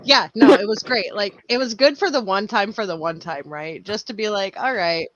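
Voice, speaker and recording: A woman's voice: medium pitch, normal speed, dry recording. A woman co-hosting a casual podcast chat, animatedly retelling a funny moment and swearing freely. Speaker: podcast co-host. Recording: dull lo-fi mic with faint noise.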